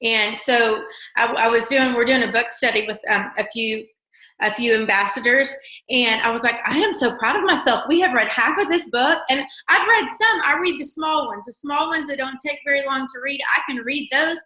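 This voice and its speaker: A woman hosting a casual live video chat, bubbly and rambling with quick laughs. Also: high voice, pushed and bright, echoey room. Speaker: host.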